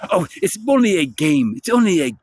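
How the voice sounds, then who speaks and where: Man putting on a haughty French villain boss, dismissive, a bit higher than his own voice. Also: big pitch swings, fairly quick, a little mellow, no room sound.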